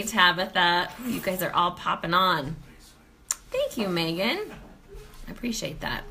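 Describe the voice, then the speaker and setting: A woman's voice: mid-range voice, sharp tone, slight background noise. A woman from Colorado hosting a casual live stream from home, greeting viewers by name and laughing often. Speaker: host of a live sales stream. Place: home, near the kitchen.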